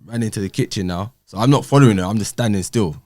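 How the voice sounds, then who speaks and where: Low-voiced man, casual and animated as he recounts events; dry studio sound. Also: quick pace, dry recording. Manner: animated, acts out quoted exchanges. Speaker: podcast guest. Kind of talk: casual storytelling.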